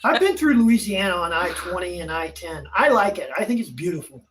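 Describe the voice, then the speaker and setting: A woman's voice: fairly low pitch, expressive, fairly quick, a little hiss or hum. Blunt, swearing woman co-host. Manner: blunt, swears freely, tells stories. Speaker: livestream co-host. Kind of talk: casual chat.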